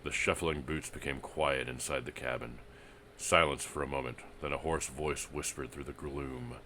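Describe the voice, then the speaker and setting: A man with an extremely deep voice narrates a vintage pulp western in a steady, dramatic reading. His delivery is measured and storytelling in tone. A faint hiss sits under the recording.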